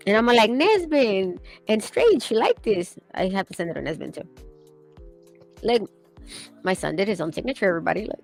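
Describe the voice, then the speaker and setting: A woman's voice: medium pitch, expressive, moderate pace, vocal fry, low-quality recording. A young woman chats loosely while she draws. She rambles from one story to the next, laughs often and swears casually. Faint music plays underneath. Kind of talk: casual chat while sketching.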